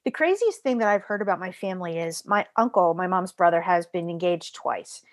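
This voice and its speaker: A middle-aged woman co-hosting a casual podcast chat, chatty and expressive, laughing often. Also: lowish voice, fairly quick, no room sound, studio quality. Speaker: podcast co-host.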